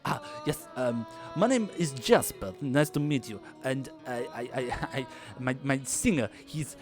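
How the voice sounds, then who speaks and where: A man's voice: medium pitch, animated, unhurried, over music. A man voicing a nervous, sweaty fair juggler who stammers and pleads for help. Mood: flustered.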